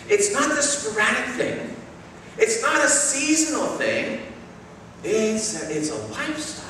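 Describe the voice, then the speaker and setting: A male pastor preaching a sermon, telling stories in an animated, self-mocking way. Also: extremely high pitch, unhurried, slight background noise. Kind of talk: sermon with humorous storytelling. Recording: echoey hall, mic far off.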